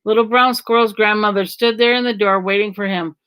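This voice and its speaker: Woman, storyteller, children's read-aloud, gentle even pace, mid-pitched voice. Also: brisk, clear, resonant tone.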